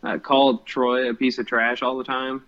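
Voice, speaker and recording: A man's voice: mid-range voice, level tone, normal speed, fairly bright tone, lo-fi sound. A young man co-hosting a podcast in casual chat, rambling and hesitant with lots of ums. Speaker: podcast co-host.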